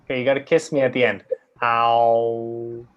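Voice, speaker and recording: A man teaching an English pronunciation lesson, drawing out model sounds slowly and often checking in with "right?". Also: medium pitch, flat delivery, muffled recording.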